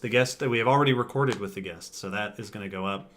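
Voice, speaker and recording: A man's voice: fairly low pitch, fast, fairly bright tone. A man co-hosting a podcast livestream, rambling casually, laughing often and reading out chat comments. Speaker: podcast co-host.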